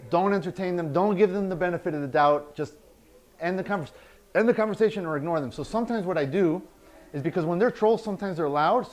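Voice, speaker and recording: A man's voice: on the high side, darkish tone. A man teaching a workshop, blunt and emphatic, repeating his key points. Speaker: workshop instructor.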